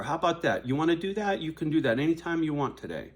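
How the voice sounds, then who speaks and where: An older man vlogging to his viewers in a confrontational, profane rant, dropping to low mutters and then rising to raised shouting. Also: very animated, quick pace, few pauses. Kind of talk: angry direct-to-camera rant.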